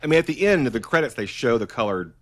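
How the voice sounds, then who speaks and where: A man's voice: medium pitch, expressive, fast. A middle-aged man, a filmmaker talking as a guest in a casual interview, enthusiastic and rambling, often restarting his sentences.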